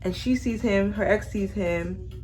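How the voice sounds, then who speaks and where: A young woman casually recapping a movie on her vlog, sassy and animated, acting out the characters as she talks. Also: mid-range voice, a little slow, faint music behind. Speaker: vlogger reviewing a movie while doing makeup. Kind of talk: casual chat.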